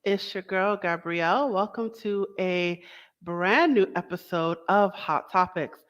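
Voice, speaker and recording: A woman's voice: fairly low pitch, measured pace, lo-fi sound. A young woman hosting a casual talk show, chatty and enthusiastic, with small asides and self-corrections. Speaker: host. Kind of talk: casual podcast introduction.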